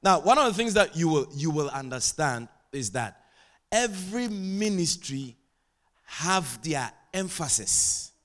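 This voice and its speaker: A man preaching a sermon as pastor, chatting with the congregation and building to loud sing-song preaching. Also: on the high side, big pitch swings, a little slow. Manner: asks the congregation for responses.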